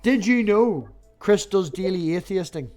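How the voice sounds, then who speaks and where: A man's voice: high-pitched, measured pace, music in the background. Joking man hosting a call. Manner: joking, swearing, animated storyteller. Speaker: podcast host. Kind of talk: casual chat on a video stream.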